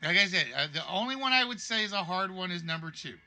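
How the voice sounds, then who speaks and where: A man's voice: sits high, expressive, fast, sharp tone. A man hosting a live-streamed game show, chatty and joking as he reads out players' guesses.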